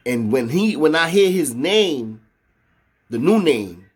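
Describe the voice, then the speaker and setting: A man's voice: on the high side, very animated, slow, husky. A man tells a story in a casual, slangy and profane way. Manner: slangy and profane, with frequent "know what I mean".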